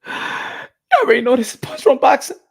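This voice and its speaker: A man presenting a boxing vlog, delivering a sarcastic mock apology with theatrical fake sobbing, heavy sighs and whimpers, swinging between soft and loud. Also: very high-pitched, lively intonation, a little slow, gravelly. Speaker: boxing YouTuber.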